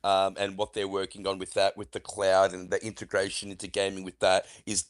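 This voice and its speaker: Deep-ish calm guy chatting on a gaming podcast, measured. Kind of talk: casual podcast chat.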